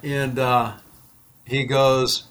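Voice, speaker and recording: A man's voice: medium pitch, very slow, clean tone. A man, a former fighter pilot, telling stories in a casual interview and acting out the voices in them. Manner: animated, acts out quoted dialogue.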